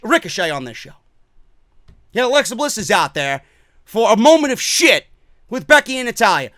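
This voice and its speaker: A man's voice: very high-pitched, pushed and bright, no room sound, clean studio sound. A man ranting his way through a wrestling show review, profane and sarcastic.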